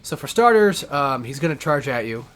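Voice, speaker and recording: A man's voice: medium pitch, big pitch swings, normal speed, fairly bright tone. A man giving rambling, casual gameplay commentary as a let's player, swearing often and correcting himself as he goes. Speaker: let's play gamer.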